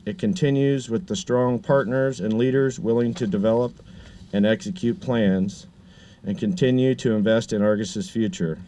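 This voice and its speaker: A man's voice: on the low side, normal speed, dark tone. A man hosting an outdoor groundbreaking ceremony delivers a formal, prepared speech that sounds read from notes. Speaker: town official and event host.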